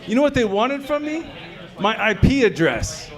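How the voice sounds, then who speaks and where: A man's voice: very high voice, big pitch swings, normal speed, fairly bright tone. A man performing a crude, conversational stand-up set at a brewery comedy showcase, often quizzing the crowd.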